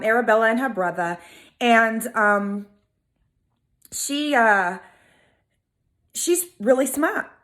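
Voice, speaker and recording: Sassy chatty woman with a Southern accent. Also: on the high side. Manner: animated, chatty, sassy asides. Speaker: video host. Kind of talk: casual storytelling monologue.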